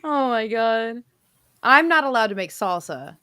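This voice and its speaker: A woman co-hosting a casual podcast, chatty and quick to laugh, acting out what people said. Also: on the high side, lively intonation, sharp tone, smooth. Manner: giggly, chatty, acts out quotes. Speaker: co-host. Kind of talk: casual chat.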